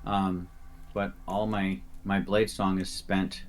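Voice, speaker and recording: A man's voice: low-pitched, flat delivery, slow pace, faint music behind. A man playing in an online tabletop game, chatting casually and thinking his moves through aloud with many ums.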